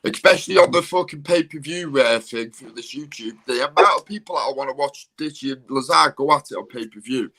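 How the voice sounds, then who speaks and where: A man's voice: medium pitch, fairly quick, hardly any pauses, bright, forceful tone. A man, a YouTuber, talking bluntly and swearing in a casual live-stream chat. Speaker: YouTuber and guest.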